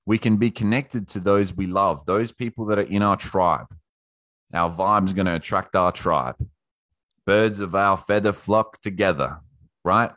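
A man hosting an online workshop in a casual, profane way, often acting out quotes in a high voice. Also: unhurried, a bit bright, no room sound. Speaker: workshop host. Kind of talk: casual motivational talk.

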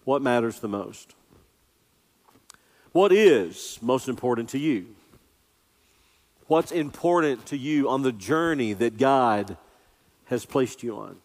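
A man preaching an earnest, emphatic sermon as a pastor, slowing down to stress scripture. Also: medium pitch, animated. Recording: long reverb of a large hall.

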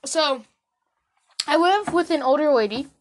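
A woman's voice: high-pitched, expressive, a little slow. A young woman hosting a podcast, chatting casually and joking as she reacts to a debate, laughing often. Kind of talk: casual chat.

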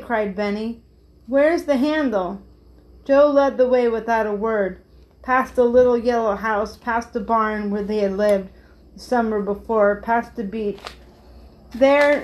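A woman's voice: a little high, unhurried, rough recording. A woman reading a children's chapter book aloud, giving the characters light voices. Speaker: storyteller.

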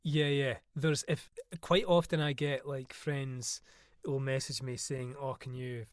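A man's voice: medium pitch, fairly even intonation, slow pace, no room sound, clean studio sound. A man with a Scottish island accent, chatting as a podcast guest, talking loosely with many fillers and restarts. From Scotland. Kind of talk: casual chat.

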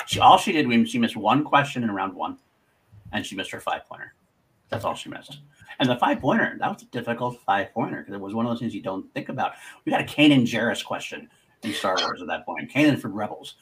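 A man's voice: on the low side, sing-song, quick pace, a bit bright, slight background noise. A man in the middle of a casual livestream recap, rambling as he works out his point. He circles back over his own phrases and restarts sentences mid-thought. His tone stays easygoing, the feel of an unscripted co-host. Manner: rambling, repeats phrases while thinking.

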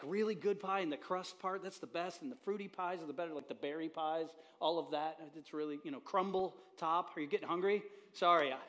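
High-voiced joking pastor. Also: male voice, fairly bright tone. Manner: conversational, joking with the congregation. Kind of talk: sermon. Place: church auditorium.

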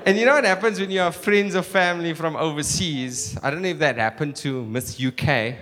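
South African stand-up comedian, fairly high voice, quick animated storytelling in a theatre with long echo. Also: male voice, a little hiss or hum. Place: live theatre stage. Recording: live theatre with long reverb and audience.

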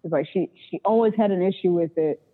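Her voice sits on the low side and her pace is quick. As an interview guest, this phone sex worker gives blunt, profane, candid accounts of her work in a casual storytelling style, voicing her callers, over sound that's tinny like a phone.

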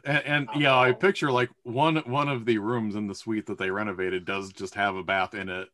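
A man's voice: on the low side, steady tone, normal speed, a bit bright, no room sound, clean studio sound. A man narrating a tabletop game as game master, rambling with fillers and laughing often.

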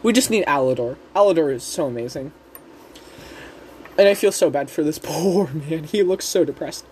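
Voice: mid-range voice, animated, normal speed, a little mellow, a little hiss or hum. A speaker casually recapping a cartoon episode in a rambling, chatty way with frequent giggles. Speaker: show recap host.

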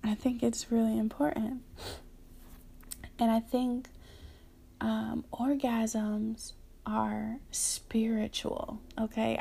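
A woman hosting a wellness talk in a hushed, often whispered voice, speaking frankly and swearing casually. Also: on the high side, flat delivery, gravelly, breathy edge. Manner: frank and profane, slow and reflective. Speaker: podcast host. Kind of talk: soft-spoken wellness talk.

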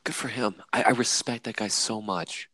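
A man's voice: on the low side, normal speed, no echo. A young man co-hosting a casual podcast, telling stories with a laugh and acting out quotes. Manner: laughing, animated storytelling with acted quotes. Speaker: podcast co-host.

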